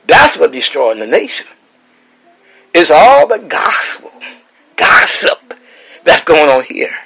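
Man, Bible teacher, preaching, slow delivery, high voice, repetitive, emotional emphasis. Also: huge pitch swings, gravelly, pushed and bright, breathy edge, low-quality recording.

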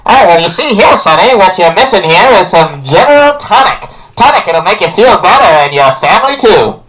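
A man's voice: sits high, sing-song, moderate pace, a bit bright, voice pushed up, poor audio. A man playing an old-time radio announcer and tonic salesman in a brassy, old-fashioned way. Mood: hearty. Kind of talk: 1940s radio acting.

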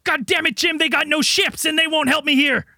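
Man doing a frantic, shrill military commander. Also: fairly even intonation, fairly quick, sharp tone, no echo, studio quality, exaggerated voice. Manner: blustering, swears constantly. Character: frantic shouting male American commander.

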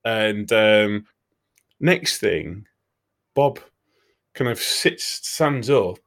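A man's voice: on the low side, drawn-out words, pauses often. A man telling a crude comic story in casual chat, swearing freely. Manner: animated, swearing, laughing storyteller.

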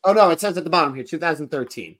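A man's voice: a little high, animated, very fast, a bit bright, no room sound. A man co-hosting a podcast, telling a long story in a casual, rambling way with lots of "like" and restarts. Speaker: podcast co-host.

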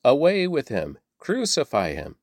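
An angry mob of priests and temple leaders, shouted out by a man reading aloud. The lines come loud and raised in pitch, and the sound is dry and close. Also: huge pitch swings, measured pace, no echo. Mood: shouting.

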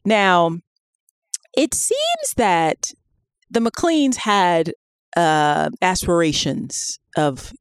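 A woman co-hosting a podcast, telling a story in a casual, animated way with laughter and many fillers. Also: fairly low pitch, very slow, clean tone, no room sound, clean studio sound. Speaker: podcast co-host.

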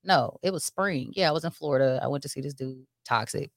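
Casting note: quick, animated woman storyteller, profane, dry close sound. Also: sits low, no room sound. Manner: animated, profane, acts out quotes. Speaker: co-host. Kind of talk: casual storytelling chat.

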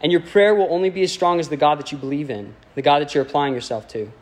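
A man's voice: fairly high pitch, fast talker. Conversational man preaching a sermon. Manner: conversational and playful, asking the congregation questions.

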